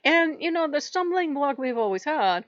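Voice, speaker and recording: A woman's voice: high voice, expressive, moderate pace, no echo. A woman hosting a casual spiritual vlog, talking bluntly and animatedly, swearing freely and laughing often. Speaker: channel host. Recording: dry, dull lo-fi recording.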